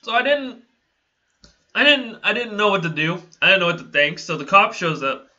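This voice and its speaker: A man's voice: high-pitched, big pitch swings, normal speed, sharp tone, highs cut off. A young man telling a casual story to his channel, rambling, laughing often and swearing freely. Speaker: vlogger.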